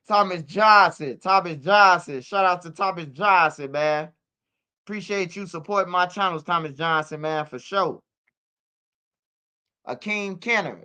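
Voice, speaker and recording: A man's voice: a little high, sharp tone, smooth. A man hosting a casual livestream, emphatic, repeating himself and swearing freely. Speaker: streamer and channel host.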